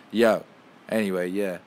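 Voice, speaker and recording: A man hosting a casual podcast at home, ranting with heavy swearing and loud heated outbursts. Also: on the low side. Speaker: podcast host.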